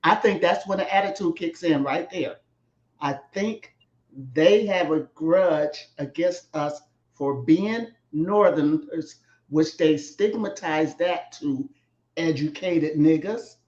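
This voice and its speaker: A woman's voice: deep voice, a little mellow. Frank woman on a dull, echoey line. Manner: direct, questioning, frank. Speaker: guest. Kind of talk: casual conversation.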